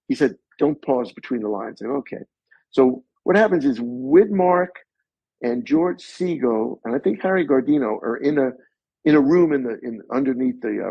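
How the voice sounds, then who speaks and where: A man being interviewed as a guest actor, telling animated stories and acting out other people's voices. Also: medium pitch, gravelly, husky, dry recording. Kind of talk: anecdotal storytelling. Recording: slightly muffled recording.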